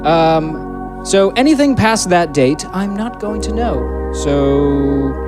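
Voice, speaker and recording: A stiff, formal AI hologram speaks in measured announcer tones, as a man puts it on during a tabletop game. Music plays steadily behind him. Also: fairly high pitch, lively intonation. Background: background music.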